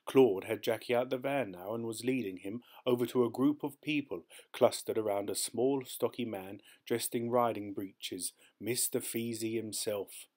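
A man narrating a short story as an audiobook in a steady, measured way. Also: medium pitch.

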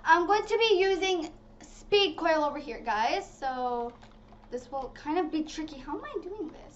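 A woman giving casual, excitable commentary while playing a video game, talking to her viewers. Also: extremely high pitch, normal speed. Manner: chatty and excitable, talks to viewers as "guys". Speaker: gaming channel host. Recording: slightly dull lo-fi audio with faint noise.

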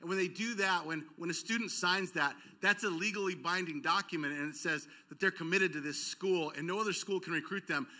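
Bright-voiced man preaching a sermon. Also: sits high, brisk, few pauses. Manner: storytelling, acting out dialogue, rising to emphatic peaks. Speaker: pastor. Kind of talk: sermon with personal stories. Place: church auditorium.

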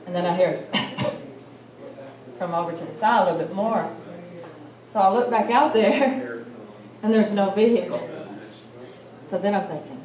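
A woman's voice: mid-range voice, moderate pace, long pauses. Woman telling a story in an echoey room. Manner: animated, acts out quotes. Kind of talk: casual storytelling. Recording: echoey room, mic at a distance, faint noise.

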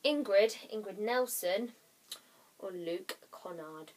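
A woman's voice: medium pitch, expressive, slow pace. Chatty rambling young woman vlogger. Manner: rambling, apologetic, giggly, drops to whispers. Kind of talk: casual chatty vlog.

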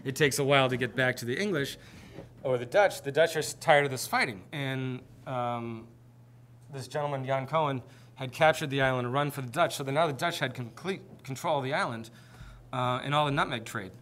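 A man's voice: mid-range voice, a little fast, a bit bright, slight background noise. A man presenting a seminar, telling history in an informal, conversational way. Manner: conversational storytelling. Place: presentation with slides.

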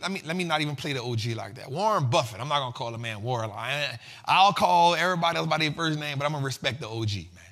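A man hosting a casual finance show, talking in a loose, slangy, animated way and laughing often. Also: medium pitch.

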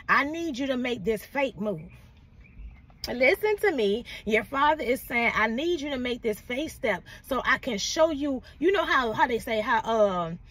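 High-voiced woman preaching a prophetic word. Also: fairly bright tone, slightly rough. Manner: call-and-response, repeats "come on now" and "baby".

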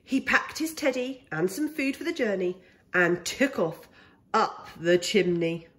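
A woman reading a children's picture book aloud for a pre-school, with expressive storytelling. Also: medium pitch, unhurried.

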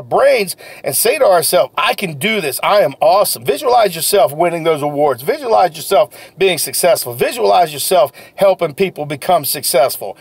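A man giving an energetic, folksy motivational talk as a sales coach, repeating his key phrases. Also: high-pitched, vocal fry, slightly rough, dry recording.

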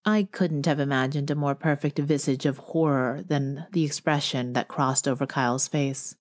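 A woman narrating a romance audiobook in a steady first-person storytelling manner. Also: deep voice, moderate pace, hardly any pauses. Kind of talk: scripted narration.

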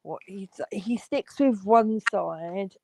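A woman's voice: mid-range voice, takes it slowly, gravelly, darkish tone, a little hiss or hum. A woman with a North London accent, swearing bluntly and laughing as a guest on a casual live-stream panel. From London, England.

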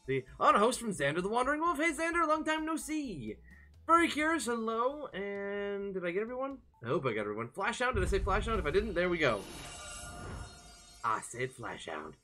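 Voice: mid-range voice, big pitch swings, a little fast, pushed and bright, faint music behind. A variety game streamer chatting live, bubbly and playful, greeting viewers by name.

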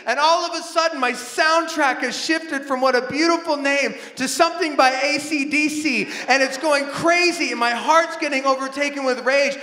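A man in his thirties preaching a sermon in a church, animated, acting out family scenes with bursts of shouting. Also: extremely high pitch, normal speed, few pauses. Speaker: pastor. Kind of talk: sermon with storytelling. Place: large church auditorium. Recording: echoey hall with long reverb.

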